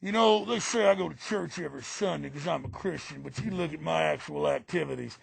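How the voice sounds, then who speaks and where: Guy putting on a cocky texan drawl politician, cackling and mocking, gravelly. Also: a little high, brisk, no echo, exaggerated voice. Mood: boastful. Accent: put-on Texan drawl. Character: mock Texan politician, man, smug, boastful. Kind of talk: political satire impression.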